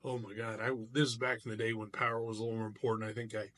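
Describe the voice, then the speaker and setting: A middle-aged man, a martial artist, telling a personal story in a casual vlog, animated and loose with frequent restarts. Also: on the low side, very fast.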